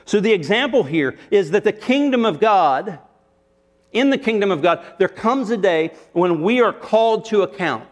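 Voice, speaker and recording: A preacher delivers a sermon in a fairly high-pitched male voice. He tells a parable vividly, pausing for rhetorical questions and leaning on key words. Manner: storytelling, rhetorical questions, varied emphasis. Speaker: pastor.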